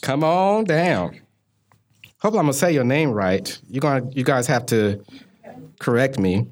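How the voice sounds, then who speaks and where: A man's voice: medium pitch, lively intonation, a little slow. A man hosting a casual live podcast in a bookstore, joking, laughing often and tripping over his words. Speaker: podcast host.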